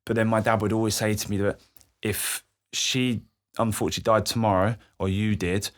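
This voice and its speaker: A young man speaks in a low register as he opens up about his past. He talks with emotion and swears freely, slipping into the voices of the people he quotes. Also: flat delivery, brisk. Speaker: guest. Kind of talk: candid personal storytelling.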